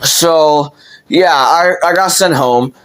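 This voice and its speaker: A man's voice: a little high, slow pace, a bit bright, smooth. A young man telling a childhood story in casual, rambling storytelling, with lots of fillers and swearing.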